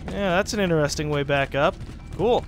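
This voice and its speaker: A young man casually commenting on his gameplay as a let's play host, chatty and sarcastic with excitable outbursts. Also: fairly high pitch, normal speed, faint music behind.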